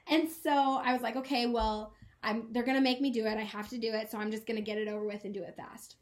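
Woman, twenties, podcast co-host, earnest, emotional storytelling, fairly high voice. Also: flat delivery. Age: 20s. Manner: earnest, emotional, quick laughs. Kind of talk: casual chat, personal story.

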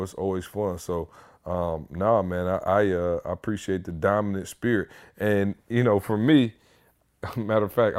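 Low-voiced emphatic podcast man. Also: darkish tone. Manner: emphatic, encouraging, repeats himself. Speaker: podcast co-host. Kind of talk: casual podcast chat.

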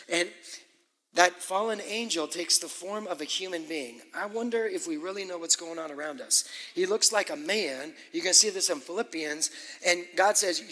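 A man preaching a sermon as pastor, animated and emphatic, with asides and quick laughs. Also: high voice. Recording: echoey hall with long reverb.

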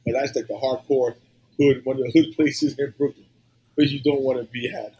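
A man's voice: medium pitch, steady tone, moderate pace, mellow, slight background noise, low-quality recording. A middle-aged man, a guest telling stories in casual podcast chat, loose and profane, rambling with many fillers. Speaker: guest HVAC technician.

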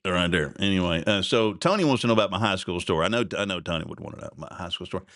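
A man's voice: low-pitched, animated, racing, fairly bright tone, no echo, clean studio sound. A man, hosting a podcast and telling a rambling personal story in a self-deprecating, chuckling way. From Oklahoma. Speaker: podcast host.

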